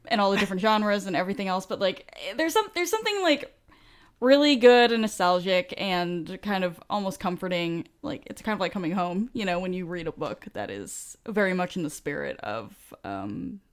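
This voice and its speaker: A woman's voice: fairly low pitch, animated, moderate pace. A woman co-hosting a podcast, chatting casually with lots of ums and easy laughter. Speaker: podcast co-host. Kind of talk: casual chat.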